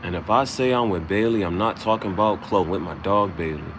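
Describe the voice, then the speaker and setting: Low-voiced dude freestyle rapping, cocky and cussing, traffic noise behind. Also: male voice, a little fast. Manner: loose, swaggering, profane rhyming talk. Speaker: host. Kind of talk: freestyle rap monologue.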